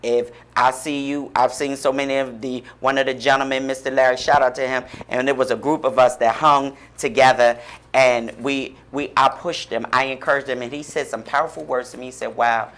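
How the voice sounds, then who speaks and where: A man's voice: medium pitch, fairly even intonation, brisk, fairly bright tone. Radio guest: a man with a mid-range voice, talking in an inspirational, preacherly way. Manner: fervent and encouraging, preacherly. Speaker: guest, author and pastor-like speaker. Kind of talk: radio interview, inspirational talk. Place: radio studio.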